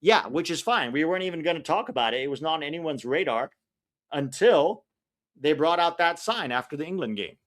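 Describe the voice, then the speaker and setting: Male stream host, casual and opinionated, reacts loudly to the play. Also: fairly high pitch, animated, a little fast. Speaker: livestream watch-along host. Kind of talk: casual live match commentary.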